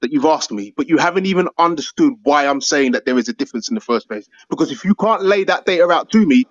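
A British man argues at a rapid clip, emphatic and swearing, with a fairly high voice. His line sounds slightly dull and lo-fi. It is dry, with no room echo. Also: lively intonation. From United Kingdom. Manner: fast, emphatic, swears, calls people mate and bro. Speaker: guest on a call-in panel. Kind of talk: heated debate.

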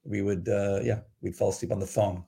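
Laid-back man, fairly low voice. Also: brisk, gravelly, slightly rough. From Southern California. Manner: relaxed, restarts sentences, laughs often. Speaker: co-host of a Christian devotional show. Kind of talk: casual chat with his wife.

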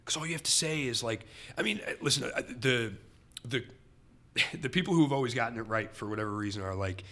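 A man hosting a podcast in casual chat, talking in animated, rambling, emphatic runs. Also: medium pitch, a little fast. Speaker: podcast host.

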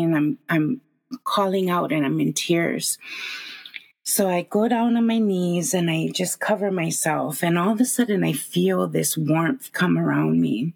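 A woman's voice: fairly low pitch, unhurried, gravelly, husky. A woman in her forties telling a personal story as a podcast guest, earnest and emotional, often restarting her sentences. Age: 40s.

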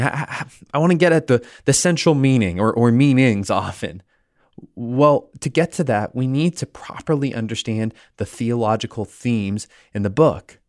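A medium-pitched male voice, recorded with no echo and clean studio sound, belongs to a US podcast host. He chats his way through Bible teaching, sharing a personal story with animated, conversational storytelling and a few small restarts.

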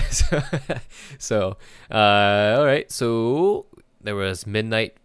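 A man's voice: on the low side, very slow, clean tone, dry recording, studio quality. A man co-hosting a gaming podcast in casual chat, laughing often and rambling loosely. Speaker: podcast co-host.

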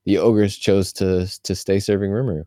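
A man's voice: low voice, fairly even intonation, normal speed, dark tone, no echo, studio quality. A young man co-hosting a casual podcast, talking through his thoughts in a rambling, slangy way. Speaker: podcast co-host. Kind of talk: casual chat about an anime.

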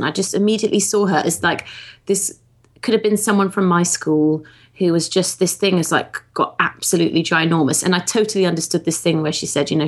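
A woman from rural southwest England co-hosting a podcast in lively, amused chat. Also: fairly low pitch. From Wiltshire area, England. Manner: chatty, amused, animated. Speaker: podcast co-host. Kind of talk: casual chat.

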